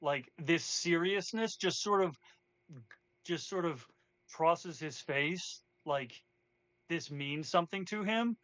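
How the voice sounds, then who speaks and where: A man's voice: fairly high pitch, slow pace, a bit bright, no echo, dull audio. A man narrating as game master for a tabletop game, rambling and casual, swearing freely.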